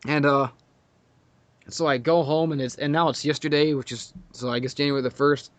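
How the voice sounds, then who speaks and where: A man's voice: fairly high pitch, steady tone, normal speed, no echo. Profane storytelling man on a podcast. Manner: profane, storytelling, laughs a lot. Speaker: podcast guest. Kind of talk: casual crude podcast chat.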